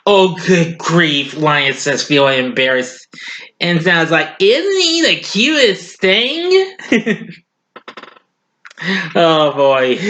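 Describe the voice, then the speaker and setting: A man casually recapping a cartoon as a reviewer, chuckling often and acting out lines in a high voice. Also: bright, forceful tone, a little hiss or hum.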